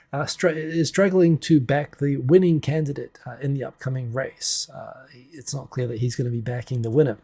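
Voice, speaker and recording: A man's voice: medium pitch, warm tone, slightly rough. A man hosting a livestream, giving casual, wry, rambling commentary on the news from a home setup into a desk microphone. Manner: rambling, wry, self-interrupting. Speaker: livestream host. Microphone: desk USB microphone.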